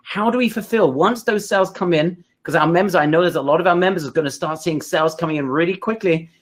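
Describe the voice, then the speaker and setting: A man's voice: on the high side, quick pace. A man hosting a webinar, enthusiastic and speaking straight to his viewers. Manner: enthusiastic, addresses the audience directly. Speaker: webinar host.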